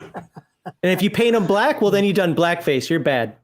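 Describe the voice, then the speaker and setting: A man from Michigan's Upper Peninsula on a casual panel, teasing the others with quick jokes. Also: high-pitched, animated.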